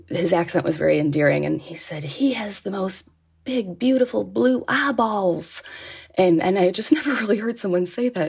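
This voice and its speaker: Creaky-voiced woman telling a heartfelt story. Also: on the low side, a little mellow. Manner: heartfelt, chatty, laughs often. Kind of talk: personal story told as voice memo.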